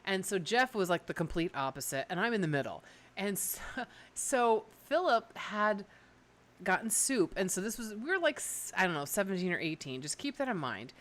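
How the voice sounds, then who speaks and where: Lively, animated woman telling a story. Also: mid-range voice, moderate pace. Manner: animated storytelling, many fillers. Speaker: radio co-host. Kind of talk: casual chat.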